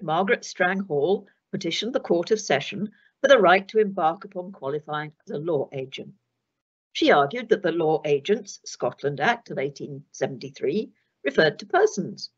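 Older woman, low husky voice, lively intonation, dry and precise lecturer, dull lo-fi sound. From England. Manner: measured, precise, with dry wit. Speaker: retired senior judge giving a lecture. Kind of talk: formal lecture. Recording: dull lo-fi recording.

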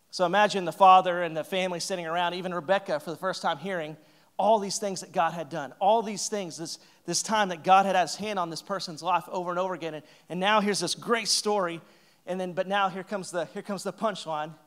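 Man preaching a sermon, high pitched, animated storytelling, playful asides. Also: brisk. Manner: animated storytelling, acting out characters' lines; joking asides with laughs. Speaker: pastor.

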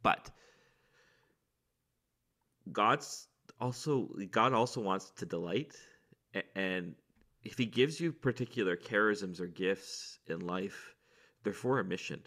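A man's voice: lowish voice, slow pace, pauses often, a bit bright. A man, a priest, speaking reflectively and earnestly in a podcast chat, often restarting his sentences. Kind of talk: casual chat.

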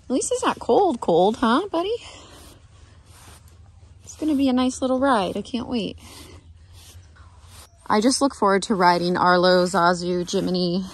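A woman's voice: mid-range voice, measured pace, long pauses, breathy edge. Chatty woman vlogging at the barn. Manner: chatty, talks baby talk to her horse. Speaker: horse riding vlogger. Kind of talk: casual vlog narration. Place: outdoors at a horse barn.

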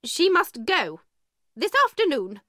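A woman's voice: high voice, big pitch swings, no echo, clean studio sound, pitched above the performer's own voice, exaggerated voice. A woman putting on a stern, indignant headmistress. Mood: angry. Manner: sharp, indignant, slow and emphatic. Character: stern, angry female headmistress, middle-aged.

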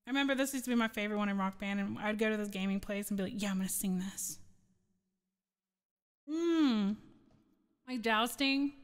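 Chatty woman streamer with a smooth voice. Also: mid-range voice, fast, in a large hall. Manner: rambling, chatty, laughs often. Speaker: streamer and singer. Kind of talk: casual chat with song requests.

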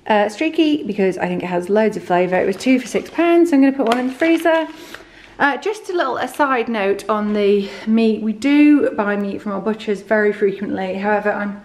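A vlogger in her thirties chats casually through a grocery haul, a little out of breath, rambling with fillers and restarts. Her voice is on the high side, with slight background noise.

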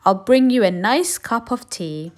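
A woman's voice: fairly high pitch, animated, unhurried, voice pushed up. Woman doing a kindly mother bear.

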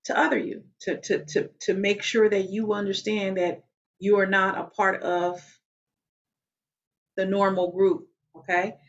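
Woman host, mid-pitched, steady and emphatic direct-to-camera explainer; slightly muffled lo-fi audio. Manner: measured and emphatic, repeats key phrases, addresses the viewer directly. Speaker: channel host. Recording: slightly dull lo-fi sound.

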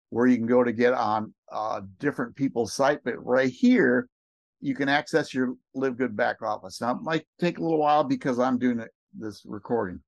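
An excited man talking fast and rambling as he walks viewers through a screen share for a recruiting pitch. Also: no echo, muffled recording. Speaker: network marketing recruiter.

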